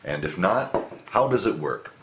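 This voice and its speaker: A man joining a casual scripture discussion with brief, quiet remarks. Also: low voice, expressive, unhurried, noisy background. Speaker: conversation partner. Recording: echoey room, off-mic.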